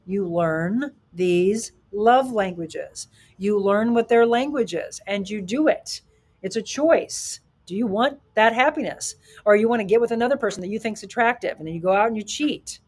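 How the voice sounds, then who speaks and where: A middle-aged woman hosting a live talk show, speaking emphatically with rhetorical questions and reading viewer comments. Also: mid-range voice. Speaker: show host.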